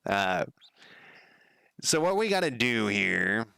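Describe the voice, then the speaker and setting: A man's voice: lowish voice, sing-song, slow, gravelly, pushed and bright, smooth, no echo. A man giving rambling, profane casual commentary while coding on a live stream, laughing at himself. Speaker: game developer streaming his work.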